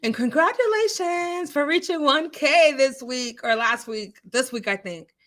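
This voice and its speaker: Woman streamer, higher voice, easygoing and animated, reads and answers chat. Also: a little slow. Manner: chatty, animated, laughs often, talks back to chat. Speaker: live stream host. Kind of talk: casual live-stream chat reading comments.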